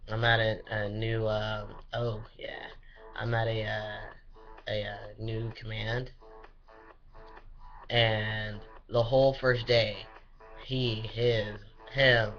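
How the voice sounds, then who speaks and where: A man's voice: on the low side, little pitch movement, takes it slowly, fairly bright tone, faint music behind. A young man giving a casual, rambling personal update, full of fillers and restarts and swearing freely. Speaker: vlogger. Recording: dull lo-fi recording.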